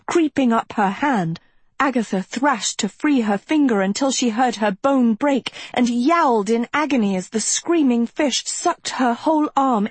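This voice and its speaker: Slow, breathy woman telling a story. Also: a little high, no echo. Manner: measured, dramatic storytelling. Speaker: audiobook narrator. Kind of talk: scripted narration.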